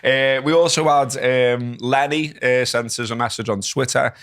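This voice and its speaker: A man in his thirties with a Liverpool accent, co-hosting a podcast in relaxed, sweary casual chat. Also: medium pitch, normal speed, no room sound, clean studio sound. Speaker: podcast co-host. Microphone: podcast microphone.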